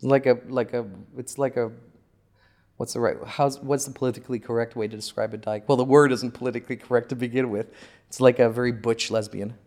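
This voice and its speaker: A man's voice: medium pitch, fairly even intonation, fairly quick, darkish tone. A man hosting a casual podcast chat, blunt and mocking, with frequent swearing. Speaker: podcast host.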